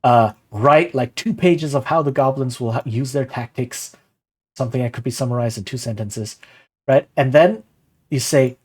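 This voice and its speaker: Animated man chatting on a livestream. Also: mid-range voice, moderate pace, husky. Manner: animated, rhetorical, frequent "right?"; reads chat aloud and replies. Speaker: streamer. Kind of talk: casual livestream talk on game design.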